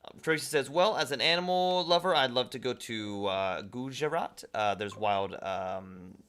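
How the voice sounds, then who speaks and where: A livestream host chats through a casual gaming stream, reading viewers' messages aloud and responding naturally. His mid-range voice moves at a moderate pace and is clear, resonant and a bit bright.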